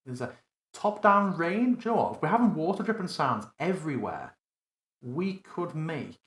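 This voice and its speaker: A man's voice: on the high side, big pitch swings, moderate pace, a bit bright, roomy sound. A man running a live tabletop tutorial, thinking aloud casually and correcting himself as he builds a scene. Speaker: game master demonstrating a virtual tabletop. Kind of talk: live screen-recorded tutorial.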